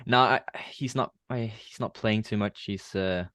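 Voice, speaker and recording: A man from Denmark with a Danish accent, a guest fan chatting casually, relaxed and hesitant with fillers. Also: fairly low pitch, moderate pace, no echo. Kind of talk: casual chat.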